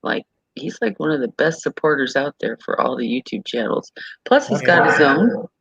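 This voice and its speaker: A guest chatting casually on a video call, telling stories in an animated way. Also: medium pitch, moderate pace, creaky, husky, dry recording. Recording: dull lo-fi call audio.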